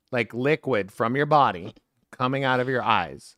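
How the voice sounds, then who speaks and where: A man's voice: medium pitch, animated, normal speed, a bit bright, dry recording, clean studio sound. A man co-hosting a podcast, joking and teasing in casual chat. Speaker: podcast co-host.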